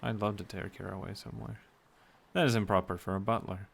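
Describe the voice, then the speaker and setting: A low, gravelly man reads a visual novel aloud line by line. He drops into playful, joking commentary between the lines, keeping a casual let's-play tone. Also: flat delivery, fast. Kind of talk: reading a visual novel aloud with jokey asides.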